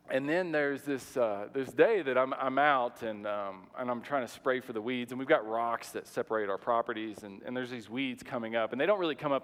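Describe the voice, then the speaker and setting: A man in his thirties, a pastor telling a personal story in a sermon, animated and conversational with frequent restarts and fillers. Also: medium pitch. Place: church sanctuary. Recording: long reverb of a large hall.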